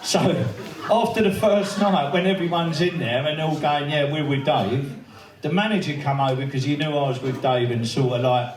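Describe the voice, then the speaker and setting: Speaking to a crowd in a pub function room for a memorial birthday, this fairly high-voiced man recounts stories, laughing and cursing as he voices the other characters. The echoey recording catches him from far off, and his pace is moderate.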